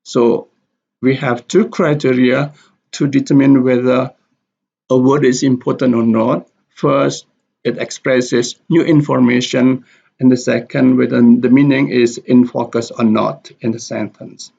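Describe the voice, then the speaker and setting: A man teaching English pronunciation, explaining stress and repeating example words slowly and deliberately. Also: mid-range voice, flat delivery, vocal fry, warm tone, breathy edge. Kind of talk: slow explanatory lesson with spoken examples. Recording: dull lo-fi recording.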